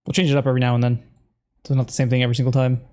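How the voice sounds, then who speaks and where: A man's voice: medium pitch, little pitch movement, very fast, a little mellow. Man muttering to himself while editing. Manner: mutters instructions to himself, puzzled exclamations. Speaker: video creator. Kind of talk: casual commentary while editing video.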